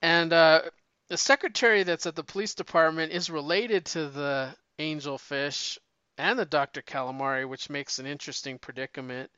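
A man chatting casually and rambling, swearing freely and often restarting his sentences. His voice is bright, clear, and slightly high. The recording is dull and lo-fi, and it sounds dry. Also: normal speed, no room sound. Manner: rambling, profane, frequent restarts. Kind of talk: casual chat.

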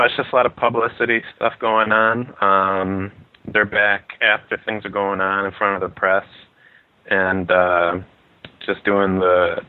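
A man co-hosting a podcast, summarizing in a laid-back, self-deprecating casual chat. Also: low-pitched. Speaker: podcast co-host. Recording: tinny phone line.

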